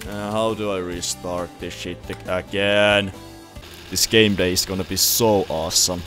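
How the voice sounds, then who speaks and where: A young man with a Finnish accent doing let's play commentary, excitable and swearing often at the game. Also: deep voice, normal speed, soft background music. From Finland. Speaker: gaming youtuber.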